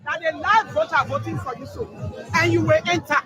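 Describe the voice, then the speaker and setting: A woman's voice: very high-pitched, a little fast, music in the background. A woman with a Liberian English accent interviewed on the street, speaking in an earnest, motherly, pleading way. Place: outdoors on a busy street. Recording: outdoor crowd and traffic noise.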